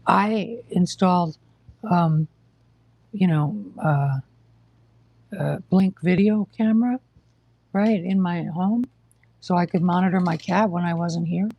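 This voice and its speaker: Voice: medium pitch, takes it slowly, long pauses, highs cut off. A live-stream host, short of breath and coughing, telling of hospital care in a blunt, exasperated, lecturing way. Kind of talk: casual live-stream monologue.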